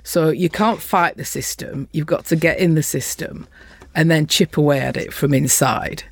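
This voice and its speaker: A middle-aged woman with a softened Lancashire accent, speaking as a forthright, bolshie interview guest. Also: sits low, normal speed, husky, no room sound. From Lancashire, England. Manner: blunt, forthright, bolshie storyteller. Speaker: construction health and safety consultant.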